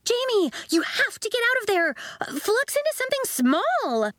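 A loud, bossy teenage girl barks orders in a high, urgent voice, as a woman puts her on while reading a storybook. Her tone is commanding and pitched well above an adult woman's. The reading sounds dry and close to the mic. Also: sing-song, normal speed, dry recording, heavily acted.

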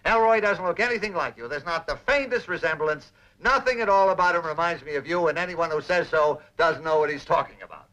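A man's voice: on the high side, a little fast, hardly any pauses, sharp tone, poor audio. An actor playing a playful middle-aged bachelor friend who needles his pal, in 1950s sitcom style. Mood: teasing. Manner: teasing, playful.

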